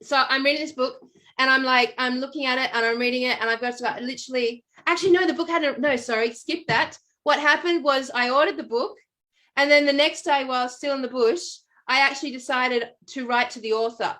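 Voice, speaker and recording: Aussie woman chatting, tells stories all excited, lots of likes and ums, voice sits a bit high. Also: a little fast. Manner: animated storytelling with many fillers. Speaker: podcast co-host. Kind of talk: casual chat.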